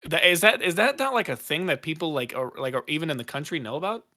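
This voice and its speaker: A man's voice: fairly high pitch, sing-song, fast, bright, forceful tone. Casual rambling man hosting a podcast. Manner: rambling, self-correcting questions with frequent fillers. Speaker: podcast host. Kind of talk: casual chat.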